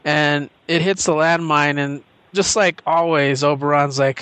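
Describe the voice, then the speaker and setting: A man's voice: a little high, fairly even intonation, measured pace, a bit bright, clean tone, no room sound. A man co-hosting a podcast, eagerly retelling scenes in casual chat. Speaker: podcast co-host.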